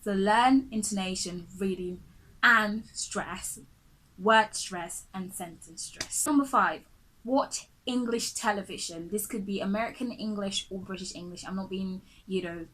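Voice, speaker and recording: A woman's voice: medium pitch, a little slow, a bit bright, slight background noise, poor audio. A woman teaching English pronunciation straight to the viewer in an earnest, chatty way, often repeating herself and adding "really" and "guys". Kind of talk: direct-to-camera lesson.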